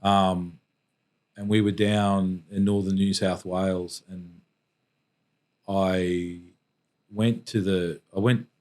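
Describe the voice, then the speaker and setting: A middle-aged Australian man with a fairly low voice speaks as a podcast guest. He tells his story slowly and reflectively, pausing and restarting as he searches for words. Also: little pitch movement, a little mellow. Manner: halting and reflective, frequent restarts. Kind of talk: emotional personal storytelling.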